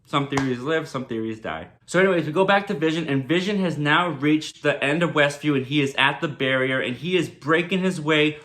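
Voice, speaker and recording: Man TV reviewer, casual recap, chatty filler words, brightish and a bit high. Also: brisk, few pauses. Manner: chatty, heavy with "like" and "kinda".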